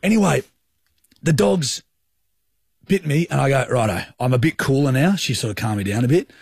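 Husky Australian radio host, dry sound. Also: male voice, medium pitch, moderate pace, no echo. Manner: animated, colloquial storyteller. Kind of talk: casual radio banter, storytelling. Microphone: studio microphone.

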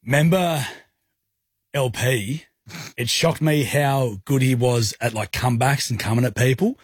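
Husky Australian radio host, joking. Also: male voice, mid-range voice, unhurried, dry recording, clean studio sound. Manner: joking, teasing. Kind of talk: casual radio banter. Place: radio studio.

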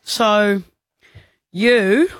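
A man's voice: high-pitched, extremely slow, a bit bright, dry recording. A man with an Australian accent co-hosting radio, complaining in a mock-offended way about being left out. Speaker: radio co-host. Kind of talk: banter on breakfast radio.

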